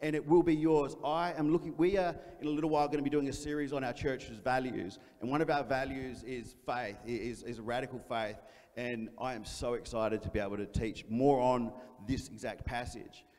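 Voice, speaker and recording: A man's voice: mid-range voice, steady tone, a little fast, darkish tone. A male pastor preaching a sermon, telling a story with energy and acting out the voices of the people in it. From Australia. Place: church auditorium. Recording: church hall reverb.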